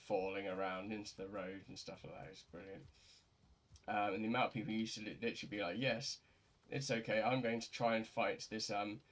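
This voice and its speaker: A young man, a bit tipsy, rambling casually as a gaming streamer, with lots of fillers, restarts and swearing. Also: low-pitched. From England.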